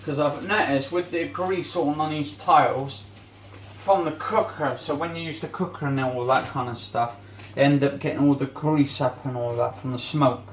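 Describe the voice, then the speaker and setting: A man's voice: on the high side, normal speed. A man chatting away casually as he cleans, rambling and groping for words. He is recorded on a camera left in an echoey home kitchen, with a faint hiss behind him. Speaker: vlogger.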